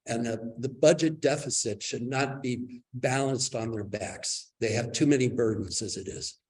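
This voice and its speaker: A man's voice: mid-range voice, moderate pace, darkish tone, rough recording. Male public commenter, earnest and pressing, ordinary mid-range voice. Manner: earnest advocacy, pressing for wage increases. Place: government meeting room.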